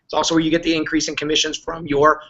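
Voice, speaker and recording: A man giving an upbeat business presentation, excited and repetitive, his voice worn and going hoarse. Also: fairly high pitch, very fast, dull audio. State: losing his voice. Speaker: company leader on a recap call.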